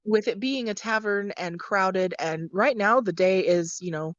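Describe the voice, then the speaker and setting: A woman narrating as game master of a tabletop game, explaining calmly with frequent pauses and ums. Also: medium pitch, dry recording, highs cut off.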